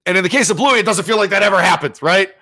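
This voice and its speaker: Dad podcast host riffing solo, bright punchy voice, kinda high, lots of you know and like. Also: male voice, racing. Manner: casual, rambling, frequent fillers. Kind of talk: solo reaction commentary.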